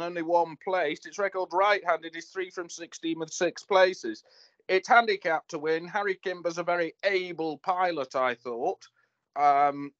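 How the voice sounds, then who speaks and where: A man talking through his racing tips in a loose, rambling way, stopping for fillers and side stories. His voice sits a bit high for a man. The sound is dry and slightly muffled. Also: a bit bright, no room sound. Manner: rambling, digressive, hesitant with fillers. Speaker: horse racing tipster. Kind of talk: casual racing chat.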